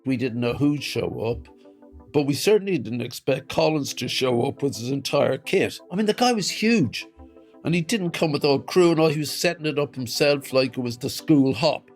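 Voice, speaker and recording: A man's voice: mid-range voice, expressive, moderate pace, faint music behind. A man with an Irish accent being interviewed, emphatic, posing questions and answering them himself. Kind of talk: interview recollection.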